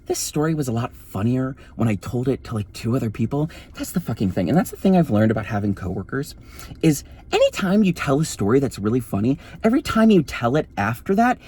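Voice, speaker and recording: A man's voice: mid-range voice, big pitch swings, brisk, darkish tone, breathy edge. A man telling a story in a campy, sassy, profane way, his voice often taken for a woman's. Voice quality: voice read as feminine. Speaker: vlogger. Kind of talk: casual storytelling vlog.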